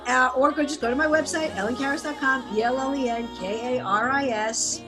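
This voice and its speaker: A woman with a New York accent hosts an interview, chatting in a lively, friendly way over a video call. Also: sits high, brisk, music in the background. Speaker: interview host. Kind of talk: casual interview chat.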